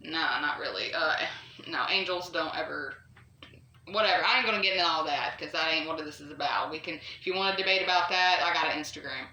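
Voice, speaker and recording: A woman's voice: mid-range voice, animated, moderate pace, sharp tone. A woman casually telling a true ghost story, chatty and rambling with lots of asides and fillers. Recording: echoey room, voice a bit far from the mic.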